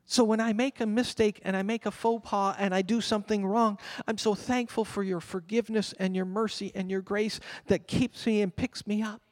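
An older man, a pastor, delivering an animated sermon that drops at times to a murmured prayer. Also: high-pitched, moderate pace, few pauses. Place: church hall. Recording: long reverb of a church hall.

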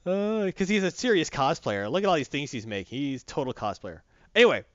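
A man's voice: a little high, very animated, a little fast, a bit bright, no echo. A man hosting a comics podcast, rambling and chatty with lots of fillers, recorded dull and lo-fi. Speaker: comic book podcast host. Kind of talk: casual chat.

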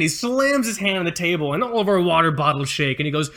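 A man telling a workplace story on a podcast, his voice climbing and swooping as he acts out each person. He laughs often and keeps it loose and casual, in a fairly high register. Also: lively intonation, quick pace, few pauses, fairly bright tone. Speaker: podcast host.

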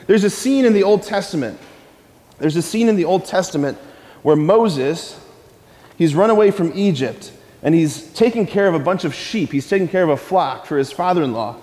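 A man's voice: high voice, darkish tone. A man preaching a sermon to a congregation, repeating key phrases, leading call-and-response and spelling out words letter by letter. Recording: long hall reverb.

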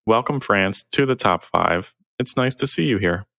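Male podcast host, very low voice, casual, reads listener mail. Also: expressive, normal speed, vocal fry, no room sound. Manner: reads listener feedback and shout-outs. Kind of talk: casual chat. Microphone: remote call recording.

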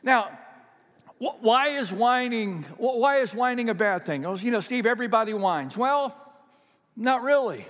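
High-voiced man preaching a sermon. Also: unhurried, long reverb tail. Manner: animated, conversational, asks the congregation questions. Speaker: pastor. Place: church.

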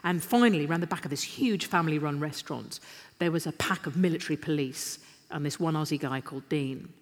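A middle-aged woman, telling lively, self-deprecating anecdotes as a guest on a festival stage. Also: low voice, fast. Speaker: interview guest. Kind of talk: live on-stage storytelling. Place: stage in a large literature festival hall. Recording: live hall with long reverb.

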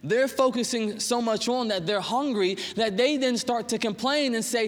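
A young male pastor with a high voice preaches a casual sermon in a church. He tells personal stories in a conversational, animated way and drops in quick asides. His voice rings through a reverberant church hall.

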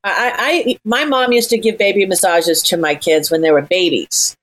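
A woman's voice: lowish voice, expressive, normal speed. A woman hosting a casual group conversation in a chatty, upbeat way.

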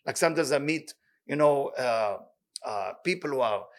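A man teaching a weekly Torah class who reads Hebrew quickly and then translates it into plain talk, with an animated, excitable delivery. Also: mid-range voice.

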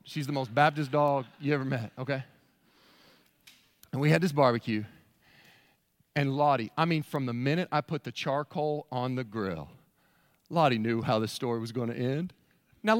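A man with a Southern US accent preaching a sermon in a church, telling a story with animated bursts and shouts. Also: a little high. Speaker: pastor. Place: large church sanctuary. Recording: long hall reverb.

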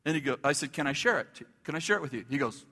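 A male pastor telling a story in a sermon, animated, acting out the dialogue and laughing as he goes. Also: a little high, racing, slightly rough, long reverb tail.

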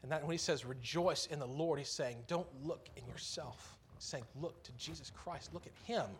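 A man with a fairly high voice preaches in a church, speaking earnestly and conversationally and leaning hard on key words. Faint room ambience sits softly behind him. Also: moderate pace, a little hiss or hum. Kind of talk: sermon.

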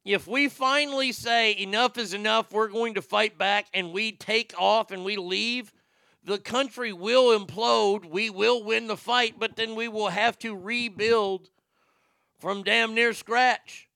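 A man's voice: high voice, fairly even intonation, unhurried, vocal fry, sharp tone, smooth, dry recording. An older man giving heated, profane and sarcastic political commentary.

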